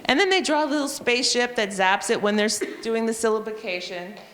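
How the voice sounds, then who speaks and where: Reading teacher in an echoey hall. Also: female voice, on the high side, a little fast, fairly bright tone. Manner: explanatory, sounds out letters and spellings. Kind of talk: professional development talk to teachers. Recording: long hall reverb.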